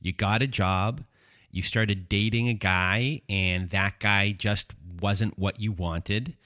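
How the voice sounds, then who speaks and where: A male host recaps his guest's story in a calm, deliberate way before putting a question to her. He speaks slowly, with a fairly low voice and a dry, close sound. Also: no echo. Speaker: podcast host.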